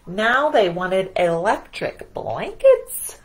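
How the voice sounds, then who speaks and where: A woman librarian reading a picture book aloud at children's storytime, animated and asking the kids questions. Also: lowish voice, takes it slowly, few pauses, rough recording.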